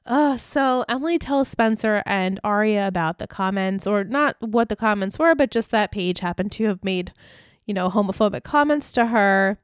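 A woman co-hosts a podcast, casually recapping scenes with quoted lines and laughter. Her voice is medium-pitched and animated at a moderate pace, with a clean tone in a dry, clean studio recording.

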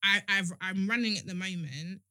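A woman's voice: medium pitch, moderate pace, sharp tone. A young woman in casual chat, talking freely with lots of fillers. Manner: chatty, many fillers.

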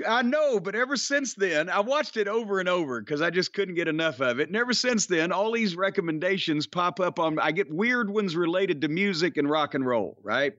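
Southern male podcast host, lively high voice, crude, wandering storyteller, dry muffled sound. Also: normal speed, hardly any pauses, no echo. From Southern United States. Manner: profane, sardonic, long-winded storytelling. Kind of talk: casual rambling chat.

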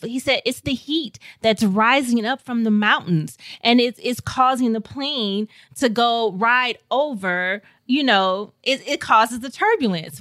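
Bright animated woman storyteller. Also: a little high, no echo. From St. Louis, Missouri. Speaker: podcast guest. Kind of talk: casual storytelling.

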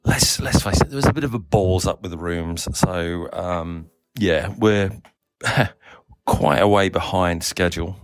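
Deep-voiced guy, accent a mix of aussie, south african and english, rambling casual team diary, lots of ums. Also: measured pace, no echo. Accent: mixed Australian, South African and English. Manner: relaxed, rambling, many ums and uhs. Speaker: cycling team manager.

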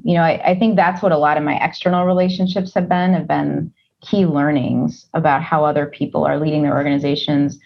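A woman interview guest who leads a team, speaking in a thoughtful, measured way with frequent fillers. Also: deep voice, creaky, lo-fi sound. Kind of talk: casual interview.

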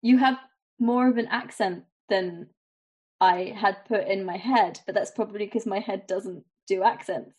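An English woman with a polished RP accent chats as a guest on a podcast. She is friendly and laughs easily, in a voice of ordinary pitch. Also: a little slow, darkish tone, husky. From England. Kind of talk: casual interview chat.

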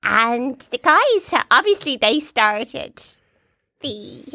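Timid Irish little sister, acted by a woman, pleading with a lively, high, wavering voice. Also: takes it slowly, no echo, studio quality, heavily acted. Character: meek younger sister, timid and eager. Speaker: guest on comedy podcast. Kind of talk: improvised comedy interview.

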